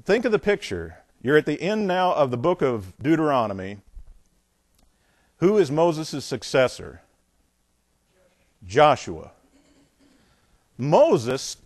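A man teaching the Bible in a sermon style, animated and digressive, often asking his listeners questions. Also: a little high.

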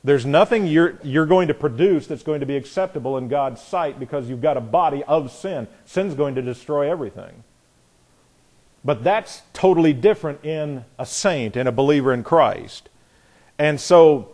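A man's voice: on the high side, expressive, unhurried, darkish tone. A man preaching a sermon, teaching verse by verse from the Bible with earnest emphasis and frequent restarts.

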